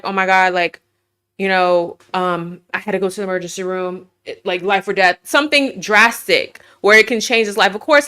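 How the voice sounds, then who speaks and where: Brief: woman host, bright tense voice, sassy emphatic commentary. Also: medium pitch, smooth. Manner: emphatic, sassy, rhetorical questions. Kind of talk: opinion commentary to camera. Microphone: webcam while screen sharing.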